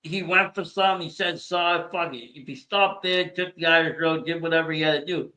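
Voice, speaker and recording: Bright, high-voiced male podcast host. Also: flat delivery, fast talker, clear, resonant tone. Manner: reactive, profane back-and-forth. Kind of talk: casual chat.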